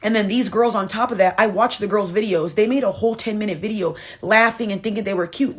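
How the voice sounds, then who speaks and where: Fast-talking woman hosting a blunt reaction video. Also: mid-range voice. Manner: passionate, blunt, confrontational, swears. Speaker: reaction channel host. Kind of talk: commentary on a video clip.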